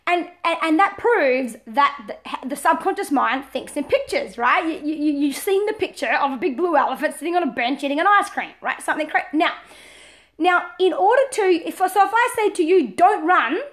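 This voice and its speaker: A woman, talking casually as a parenting coach, lively and repeating herself as she explains. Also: high voice. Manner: lively, repeats words and restarts, laughs often. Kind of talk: casual talk to camera.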